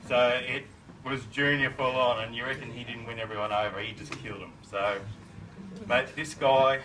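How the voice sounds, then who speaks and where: A man's voice: mid-range voice, steady tone, normal speed. A middle-aged man giving a casual birthday speech as a family friend, laid-back and chuckling, with plenty of slang. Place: party in a shed. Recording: far from the mic, noisy room.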